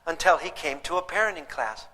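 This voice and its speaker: Speaking a little fast, this older man's fairly high voice sounds animated, pushed and bright. In a live parenting lecture, he tells emphatic stories and puts rhetorical questions to the audience. Long reverb from the hall is audible.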